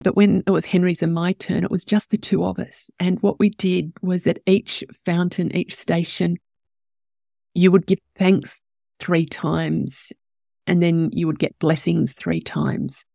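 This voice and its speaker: A woman's voice: fairly low pitch, fairly even intonation, unhurried, creaky, dark tone, dry recording, studio quality. A woman hosting a podcast, telling a personal story in an emotional, candid way and growing teary as she talks. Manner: emotional, tearful at moments, candid with swearing. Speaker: podcast host.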